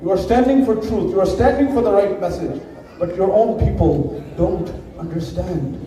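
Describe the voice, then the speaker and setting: A man giving a mourning sermon, telling the story slowly with repeated phrases and quoted dialogue. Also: high voice, warm tone. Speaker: majlis speaker. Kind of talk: Muharram sermon narration. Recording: echoey hall, distant mic.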